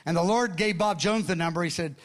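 Middle-aged man, preacher, lively sermon storytelling with voiced dialogue, slightly high-pitched. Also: a little fast. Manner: animated storyteller, acts out quoted dialogue.

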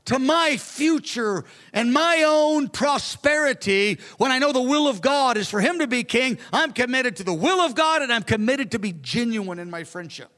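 A preacher voicing an earnest young prince. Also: male voice, very high-pitched, animated, normal speed, hardly any pauses, fairly bright tone, pitched above the performer's own voice.

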